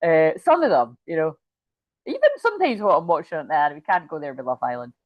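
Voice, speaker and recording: A middle-aged woman with a fairly low voice rambles loosely through a tarot reading, very animated and a little fast. She sounds tired, giggles, swears and drifts into asides. The audio is dull, lo-fi and dry with no echo, a casual tarot chat.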